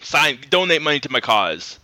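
A man's voice: a little high, sing-song, normal speed, sharp tone, a little hiss or hum. A man casually telling rambling stories among friends, laughing often and acting out what people said. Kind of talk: casual storytelling chat.

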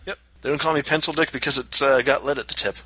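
A man on a casual podcast, telling a long personal story with animated acted-out quotes. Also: fast talker, breathy edge, no echo, poor audio. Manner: animated, acts out quotes in high voices. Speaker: podcast co-host.

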